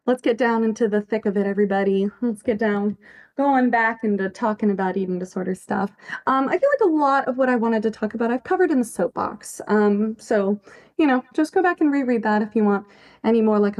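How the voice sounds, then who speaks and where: A woman's voice: fairly high pitch, darkish tone. A woman chatting casually on a livestream, emphatic, swearing freely and laughing often as she answers her chat. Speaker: fanfiction writer on a livestream.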